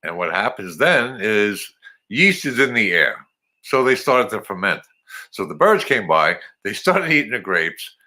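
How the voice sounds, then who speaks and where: A man's voice: on the low side, big pitch swings, a little slow, sharp tone. An older man, chatting casually and cracking dry jokes. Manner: joking, dry one-liners. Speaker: co-host. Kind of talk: casual chat.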